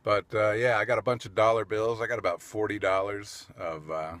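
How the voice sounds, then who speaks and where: A man's voice: lowish voice, steady tone, brisk, fairly bright tone, no room sound. A man vlogging outdoors in a city park, talking in a loose, chatty way with laughs and restarts before doing street interviews. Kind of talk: casual rambling vlog talk.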